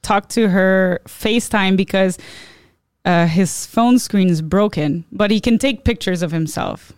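Chatty woman comic telling a story, says like a lot, smooth voice, dry close sound. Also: medium pitch, measured pace, no echo. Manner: chatty, laughs often, lots of "like". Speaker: podcast guest, comedian. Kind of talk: casual storytelling chat.

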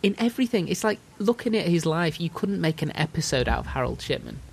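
A man's voice: fairly high pitch, very animated, fast talker, creaky, slightly rough. A man hosting a podcast, telling a story in casual chat with dry jokes. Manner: storytelling, dry jokes, puts on silly voices. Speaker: podcast host.

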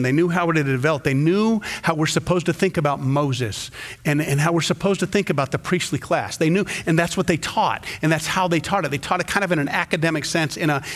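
A middle-aged pastor gives a sermon in a church, telling stories and acting out quotes with sudden jumps in pitch.

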